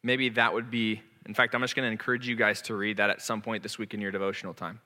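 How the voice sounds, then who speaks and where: A man's voice: fairly low pitch, little pitch movement, fast, sharp tone. A man in his thirties preaching a sermon as a pastor, earnest, candid and self-deprecating. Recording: long echoing reverb of a large hall.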